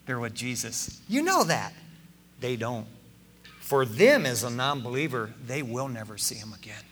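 An older man preaching a sermon to his church in an animated, folksy way, dropping "man" into his sentences. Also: medium pitch, moderate pace, slight background noise. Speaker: pastor.

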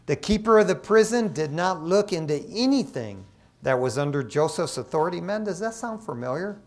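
A middle-aged man from Michigan, an associate pastor, preaching a sermon in a casual, storytelling way with lively asides. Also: fairly high pitch, normal speed. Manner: conversational, animated storytelling with asides.

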